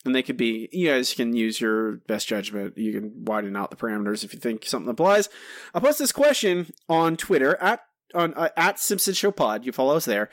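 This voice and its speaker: A man hosting a podcast, reading listener answers aloud in a relaxed, chatty way with some self-corrections. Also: mid-range voice, brisk, dry recording, studio quality. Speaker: podcast host.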